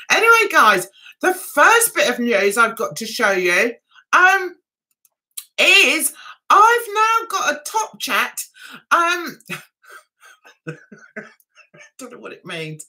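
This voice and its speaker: A British woman chatting on a livestream in a high, bright voice. She sounds giggly and a little flustered, unhurried but full of ups and downs. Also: big pitch swings. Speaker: livestream host. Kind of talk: casual livestream chat.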